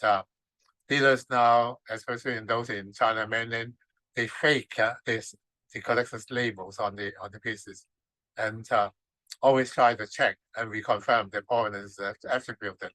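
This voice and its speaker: A man's voice: on the low side, pushed and bright, no echo, rough recording. A man from Hong Kong, a native Cantonese speaker, giving a lecture in hesitant English full of uhs. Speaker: guest speaker, ceramics expert. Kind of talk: lecture presentation.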